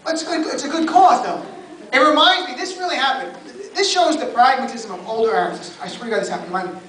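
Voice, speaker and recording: Doing crowd work in his stand-up set, a New Jersey comedian chats with the club audience and tosses out mock-exasperated asides. He talks fast in a very high voice with lively intonation. Heard from a distance in a roomy club, the recording carries loud crowd noise, laughter and chatter.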